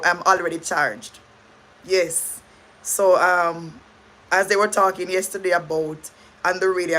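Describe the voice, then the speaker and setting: A woman's voice: fairly low pitch, a bit bright. A middle-aged Jamaican woman hosting a casual livestream chat, rambling, restarting sentences and thanking viewers. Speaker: livestream host.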